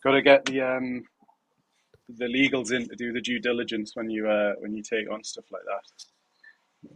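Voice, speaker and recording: A man on a podcast chiming in during casual chat with short, relaxed remarks. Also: mid-range voice, normal speed, a little hiss or hum.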